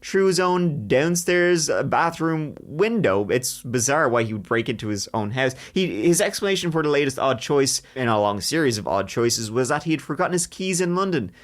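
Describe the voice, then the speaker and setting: A man hosting a true crime podcast, telling the story in a lively way with jokes along the way. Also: mid-range voice, moderate pace, few pauses. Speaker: podcast host.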